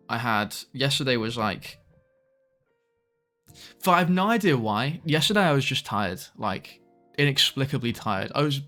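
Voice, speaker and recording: A young man with a British accent chats loosely into a desk mic, greeting viewers and laughing between half-finished thoughts. His pitch sits at an ordinary middle for a man, and faint music plays softly behind him. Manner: chatty, greets viewers by name, laughs often, trails off mid-sentence. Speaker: live streamer. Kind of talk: casual live-stream chat.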